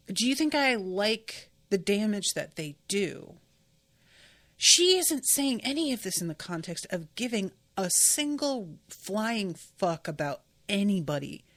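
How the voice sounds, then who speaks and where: A woman's voice: a little high, fairly bright tone, no room sound. A woman hosting a casual book-reaction podcast, talking emphatically and swearing freely as she rants. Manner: ranting, heated. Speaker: podcast host.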